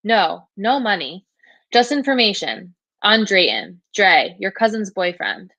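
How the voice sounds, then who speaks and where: A woman's voice: medium pitch, very animated, measured pace, sharp tone, no room sound, full character voice, poor audio. A woman reading as a coaxing woman detective. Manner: coaxing, persuasive.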